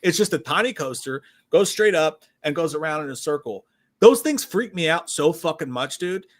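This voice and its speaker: A man, co-hosting a casual livestream and telling profane stories with loud shouted quotes. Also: fairly high pitch, expressive, moderate pace. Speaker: podcast co-host.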